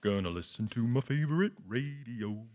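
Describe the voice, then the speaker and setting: A man's voice: mid-range voice, expressive, moderate pace, a little mellow. A man in a live comedy radio show, mumbling and chatty, talking to himself in a theatrical way. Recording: music playing under the voice.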